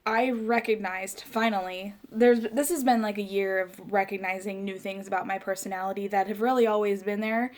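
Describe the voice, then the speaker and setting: A woman in her late twenties hosting a podcast. She talks in a rambling, passionate, casual way, with lots of "like" fillers and quick bursts. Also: medium pitch, fairly even intonation, a little mellow. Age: late 20s. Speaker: podcast host. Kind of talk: casual life chat.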